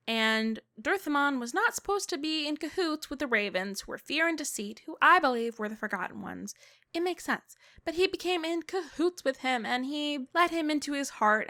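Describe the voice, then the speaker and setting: Brief: playful woman lore theorist, bright high voice, chatty and loose. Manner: chatty, playful, lots of fillers. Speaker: video game lore theorist. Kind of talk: casual lore commentary.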